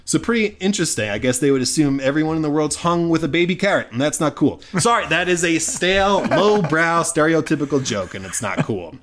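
A man's voice: fairly high pitch, lively intonation, brisk, hardly any pauses, a bit bright. A man co-hosting a casual podcast chat, rambling through musings, laughing often and swearing freely. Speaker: podcast co-host.

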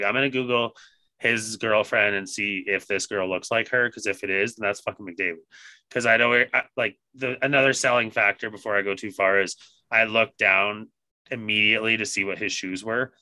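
A man on a podcast telling a story casually, swearing constantly and animated in his retelling. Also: fairly low pitch, no room sound. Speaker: podcast co-host.

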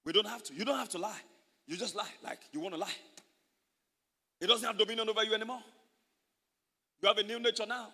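High-voiced man preaching a sermon, emphatic, keeps asking the church to answer, echoey hall. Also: lively intonation, fast talker, long pauses, sharp tone. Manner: call-and-response preaching, emphatic, repetitive. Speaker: pastor. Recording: reverberant hall.

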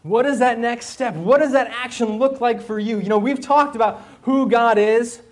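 A man with a notably high speaking voice delivers a sermon to a school audience. He talks in a conversational way, throwing out rhetorical questions and repeating key phrases for emphasis. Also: normal speed.

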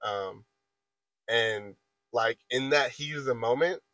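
A man in his twenties recounts a workplace argument in loose, rambling podcast chat. His voice sits at an ordinary middle pitch. The sound is dry and close, with little room echo. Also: slow pace, sharp tone. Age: 20s. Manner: rambling, repeats filler phrases and restarts while retelling an argument. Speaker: podcast guest telling a story. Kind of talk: casual storytelling chat.

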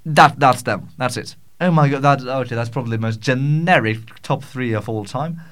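A man's voice: mid-range voice, normal speed, a bit bright. A man hosting a podcast in a casual solo Q&A, rambling and self-mocking with frequent stammers and swearing, in a small home studio. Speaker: podcast host.

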